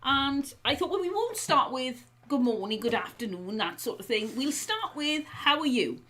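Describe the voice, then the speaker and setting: A woman's voice: sits high, animated, normal speed, fairly bright tone. A Welsh woman co-hosting a casual live stream, chatty and playful, explaining things like a friendly teacher. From South Wales.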